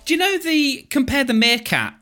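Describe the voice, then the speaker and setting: A man in casual chat, telling stories in a lively way with many restarts. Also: very high voice, moderate pace, soft background music.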